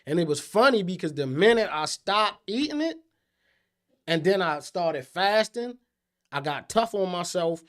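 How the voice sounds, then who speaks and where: A man, co-hosting a casual chat, profane and animated with loud outbursts. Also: sits high, unhurried. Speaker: podcast co-host.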